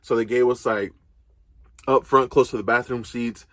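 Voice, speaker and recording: A man's voice: medium pitch, moderate pace, no echo. Young guy telling a story, laughing, swearing, sounds dead dry and close up. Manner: animated, laughing, swears casually. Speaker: co-host. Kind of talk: casual storytelling.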